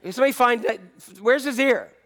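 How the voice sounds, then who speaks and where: A man voicing a calm, wry adult male Jesus in a sermon, telling a follower to settle down in an easygoing, joking way. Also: extremely high pitch, a little fast, voice pushed up. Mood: amused calm.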